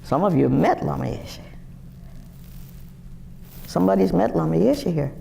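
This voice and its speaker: A woman in her sixties telling personal stories to a live audience in a lively, animated way. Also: moderate pace, creaky, slight background noise. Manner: lively, animated storytelling with wide pitch swings. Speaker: guest speaker. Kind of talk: storytelling talk to a live audience.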